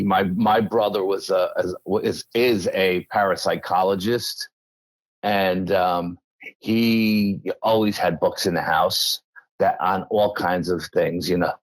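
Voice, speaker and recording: A man's voice: deep voice, fairly even intonation, unhurried, dry recording, poor audio. A man in his sixties with a thick Bronx New York accent, chatting casually and rambling a little as a guest. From Yonkers, New York. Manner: chatty, rambling, laughs often. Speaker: guest paranormal researcher. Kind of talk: casual chat.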